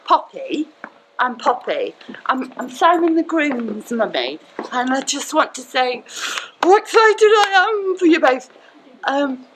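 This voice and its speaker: A woman's voice: sits high, slight background noise, low-quality recording. An amateur actress playing an emotional, gushing mother of the groom. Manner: gushing, tearful. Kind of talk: amateur stage acting.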